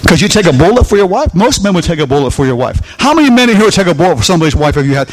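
A man's voice: sits high, very animated, rapid-fire, hardly any pauses, poor audio. A middle-aged man preaching a sermon to a congregation, repeating lines for emphasis and asking them questions. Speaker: pastor. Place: church sanctuary with congregation.

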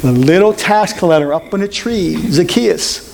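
A man teaching a Bible study as an interactive sermon, animated, asking the group questions and repeating phrases for emphasis. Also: high voice, moderate pace, creaky.

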